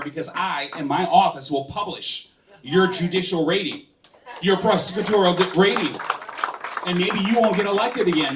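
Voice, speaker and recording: A man's voice: high-pitched, background noise. Fired-up man giving a campaign speech. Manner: impassioned, fires rhetorical questions at the audience. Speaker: political candidate.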